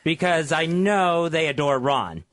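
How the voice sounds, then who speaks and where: A man's voice: fairly high pitch, animated, a little slow, fairly bright tone, no echo, clean studio sound. A man co-hosting a radio show, earnest and a little rambling as he explains his feelings. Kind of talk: casual radio banter.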